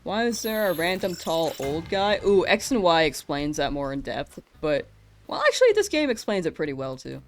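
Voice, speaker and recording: A woman's voice: on the low side, very animated, moderate pace, faint music behind. A woman streaming a game, chatting casually with her viewers and laughing often. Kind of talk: casual live-stream chat while gaming.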